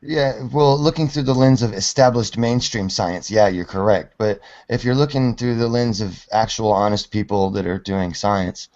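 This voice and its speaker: Rambling, low-voiced man on a call. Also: normal speed, few pauses, a little mellow. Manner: rambling, swears, restarts often. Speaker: guest in discussion. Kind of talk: casual heated chat. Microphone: video call. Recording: dull web call audio.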